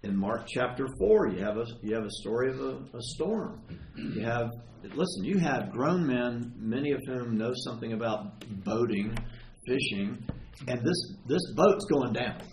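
Animated preacher man in an echoey church. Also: mid-range voice, measured pace. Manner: conversational, animated, asks the congregation questions. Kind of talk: sermon. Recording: echoey room with faint ambient noise.

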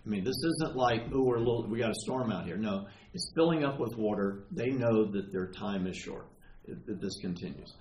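A man preaching a sermon in a conversational, animated way, retelling stories and asking his listeners questions. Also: on the low side, brisk. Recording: echoey room with faint ambient noise.

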